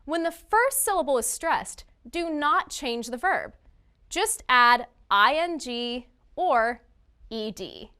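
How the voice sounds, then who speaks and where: Female English teacher, slow and bright, reads a scripted lesson with deliberate word drills. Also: sits high, lively intonation, smooth.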